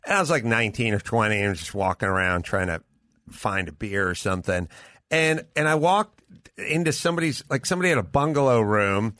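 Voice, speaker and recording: A middle-aged man tells a story with a comedian's timing, acting out each voice as he goes. His tone is bright and forceful. The mic is close and dry, with no room sound. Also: fairly low pitch, fairly quick, dry recording. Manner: animated, acts out voices in his stories. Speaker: guest comedian. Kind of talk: casual storytelling chat. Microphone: studio mic over remote link.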